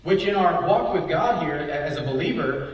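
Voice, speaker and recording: This man's slightly high voice has lively intonation and a normal pace as he delivers a Bible study sermon, peppered with rhetorical questions and "right?". The recording comes from an echoey church hall, his voice sounding far off.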